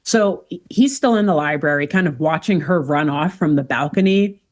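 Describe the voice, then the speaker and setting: A woman co-hosting a podcast, retelling a cartoon plot in casual chat, animated and jokey, laughing often. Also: sits low, moderate pace. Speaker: podcast co-host recapping a cartoon.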